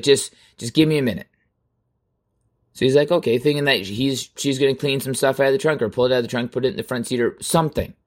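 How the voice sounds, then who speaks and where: Profane, animated male podcast host. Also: medium pitch. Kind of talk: casual podcast monologue. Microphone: studio microphone.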